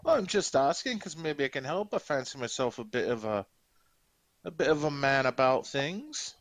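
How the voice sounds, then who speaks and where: A man voicing a flirty, boastful orc blacksmith in a put-on Scottish accent, smooth-talking and rambling. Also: mid-range voice, sing-song, normal speed, a bit bright, no room sound. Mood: flattering.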